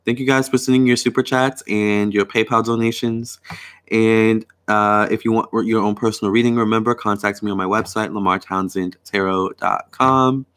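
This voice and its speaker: A man's voice: lowish voice, steady tone, moderate pace, fairly bright tone, clear, resonant tone. A young man hosting a live tarot and astrology stream, chatting casually with viewers and answering their comments. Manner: chatty, reads viewer comments aloud, repeats "all right" and "you guys". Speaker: tarot reader and astrologer host.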